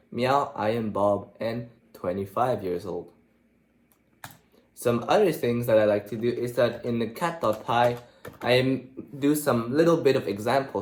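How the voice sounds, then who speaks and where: Man reading code aloud while typing. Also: mid-range voice. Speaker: programming tutor. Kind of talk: screen-recorded coding tutorial. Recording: echoey room with faint typing noise. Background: keyboard typing.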